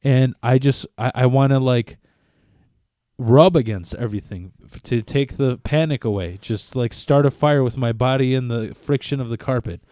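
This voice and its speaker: A man's voice: medium pitch, moderate pace, dark tone, no echo, studio quality. A man co-hosting a podcast, telling a long story in casual chat, rambling, profane and often cutting himself off mid-sentence. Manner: rambling, profane, self-interrupting. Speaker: podcast co-host.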